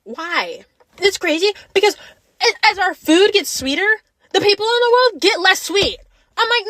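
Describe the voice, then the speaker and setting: Young woman podcast host, high and very animated, sassy, casual rant, dry close sound. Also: moderate pace, no room sound. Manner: animated, sassy, calls listeners babes.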